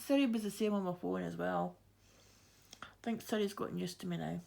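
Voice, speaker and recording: A woman's voice: lowish voice, a little fast, creaky, a little mellow. A woman from Scotland with a Fife accent, chatting as she stitches, telling rambling stories with frequent laughs and restarts. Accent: Fife Scottish. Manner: rambling, laughs often, many fillers and restarts. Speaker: cross-stitch vlogger. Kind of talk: chatty storytelling while stitching.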